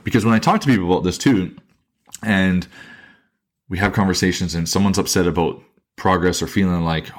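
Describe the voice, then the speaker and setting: A man with a deep voice reflects aloud in a solo podcast episode. He's a fitness coach who hosts the show, and he speaks earnestly and thoughtfully, repeating phrases, restarting sentences, and slowing down when he wants to stress a point.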